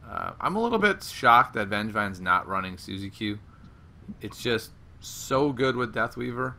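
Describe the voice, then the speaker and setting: A man's voice: on the low side, lively intonation, normal speed, gravelly, pushed and bright, a little hiss or hum. A man casting a live card game match, chatty and analytical, laughing often. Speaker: game commentator. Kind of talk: live esports commentary.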